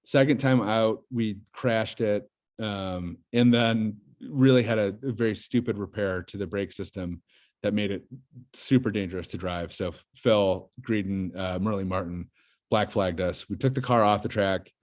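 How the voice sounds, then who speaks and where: A man's voice: lowish voice, normal speed. A man as a podcast guest, telling a story in casual chat, rambling with lots of fillers and restarts.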